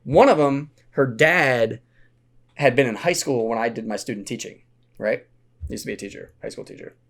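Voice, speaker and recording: A middle-aged man who founded a Renaissance fair and works as an educator tells stories as a podcast guest in a casual chat. He's animated and moves at a moderate pace, acting out quotes in a high voice.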